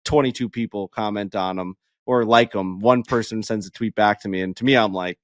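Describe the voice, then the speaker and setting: A man co-hosting a podcast, telling a story in casual chat, animated and profane, acting out the people he quotes. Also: on the low side, fairly quick, dry recording. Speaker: podcast co-host.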